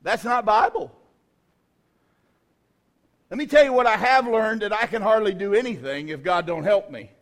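A middle-aged male pastor telling a self-deprecating story in a sermon, dropping to quiet asides and rising to shouts. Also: high-pitched, normal speed, long pauses. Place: church.

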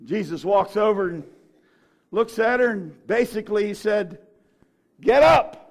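A male pastor preaching a sermon, telling the story in an animated way that swings from quiet to shouting. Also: high voice, moderate pace.

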